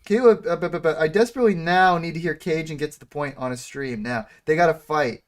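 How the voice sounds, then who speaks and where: A man's voice: on the high side, fast talker. Teasing young man in banter. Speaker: co-host. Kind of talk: casual chat.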